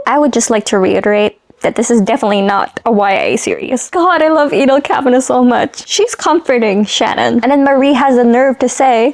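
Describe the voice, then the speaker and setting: Emotional young woman book vlogger, slightly high voice, dry close sound. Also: fairly quick, hardly any pauses, dry recording. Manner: emotional, swinging between excited squeals and tearful murmurs. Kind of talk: casual reading vlog.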